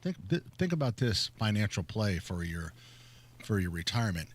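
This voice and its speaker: An older man hosts a call-in radio show, his voice sitting somewhat low. He jokes dryly and lets his lines trail out slowly. It is easygoing talk with callers and co-hosts. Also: big pitch swings. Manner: dry joking, drawn-out. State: hearing loss.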